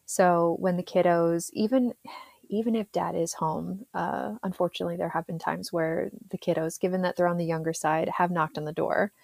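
A woman in her thirties talks through her work life in a relaxed, rambling way, full of "um"s and little laughs. Her voice sits a bit low, and the recording is close and dry, with no room sound. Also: normal speed, gravelly, no echo. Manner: chatty, laughs often, many fillers. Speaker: therapist, podcast guest. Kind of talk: casual interview chat.

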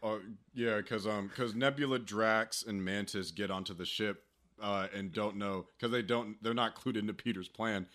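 A man co-hosting a casual movie review chat, rambling in an animated way. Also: fairly low pitch, normal speed. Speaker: podcast co-host.

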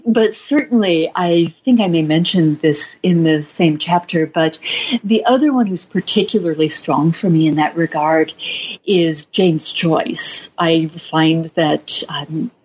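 A woman author answering interview questions in a reflective, measured way, with fillers and light laughs. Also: fairly low pitch, darkish tone, a little hiss or hum. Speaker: author and guest. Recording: slightly dull, lo-fi sound.

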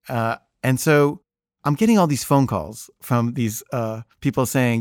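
A man's voice: mid-range voice, normal speed, darkish tone, no room sound, clean studio sound. A man casually telling a personal story in a rambling, wry way, full of fillers.

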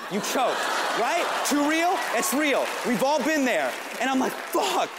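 A man doing stand-up, telling a self-mocking story in an animated way with acted-out quotes. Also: extremely high pitch, a little slow. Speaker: stand-up comedian. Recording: live stage mic with audience noise. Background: audience crowd noise.

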